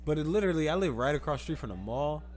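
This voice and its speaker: A man's voice: fairly high pitch, lively intonation, rapid-fire, crowd noise. A man co-hosting a casual chat, laughing often and swearing freely. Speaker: podcast co-host.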